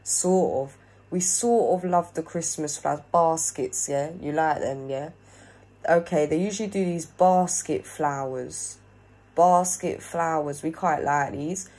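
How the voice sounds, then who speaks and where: A woman with a low-pitched, slightly mellow voice speaks a little slowly in a low-quality recording. She's a spiritual medium doing a casual reading to camera, relaying a spirit's opinions while often checking in with "yeah?" and repeating herself.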